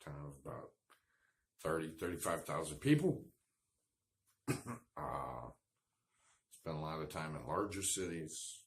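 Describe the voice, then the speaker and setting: A man's voice: rumbling low, big pitch swings, a little slow, long pauses, slight background noise. A man telling a rambling, self-deprecating story in a casual vlog, with lots of fillers. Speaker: vlogger.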